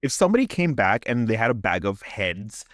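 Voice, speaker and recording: A man's voice: fairly low pitch, sing-song, fairly quick, fairly bright tone, no room sound, clean studio sound. A man co-hosting a podcast, narrating a legend in dramatic, clipped lines and chatting casually. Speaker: podcast co-host. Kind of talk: storytelling and casual chat.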